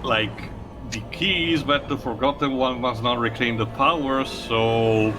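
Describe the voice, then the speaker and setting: A man's voice: mid-range voice, unhurried. A man hosting a let's play, explaining the game's story in casual commentary and laughing often. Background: game music.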